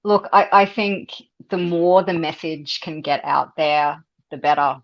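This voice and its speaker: Woman, Australian accent, low pitch, animated casual talk, laughs often, dry slightly dull audio. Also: unhurried, dry recording. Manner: animated, laughs often, repeats words when thinking. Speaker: interview guest. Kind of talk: casual interview conversation.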